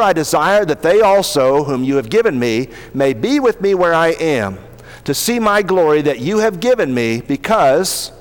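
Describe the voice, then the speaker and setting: A male pastor preaching a sermon, reading scripture aloud and slowing down to stress key words. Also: fairly high pitch, long reverb tail.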